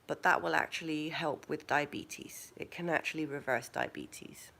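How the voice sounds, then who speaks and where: A woman hosting a live stream in a relaxed, casual way, recommending foods and telling stories. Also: low-pitched, normal speed, gravelly.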